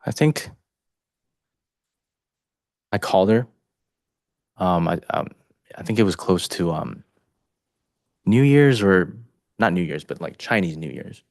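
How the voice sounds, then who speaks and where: A man testifying as a witness in a courtroom, speaking haltingly with many "you know" fillers. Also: low-pitched, expressive, a little mellow, no room sound, studio quality.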